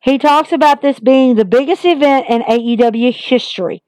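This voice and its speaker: A fairly high-voiced woman recaps wrestling shows in a casual, emphatic way, repeating phrases as an exasperated fan would. Her voice sits close and dry, with no room sound. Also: normal speed, a little mellow, dry recording. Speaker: wrestling podcast host.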